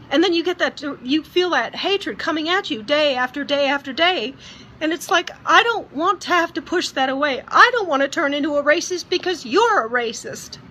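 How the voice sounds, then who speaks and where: A woman speaking earnestly and emotionally in a personal video message, often halting and restarting. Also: high-pitched, pushed and bright, a little hiss or hum. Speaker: vlogger.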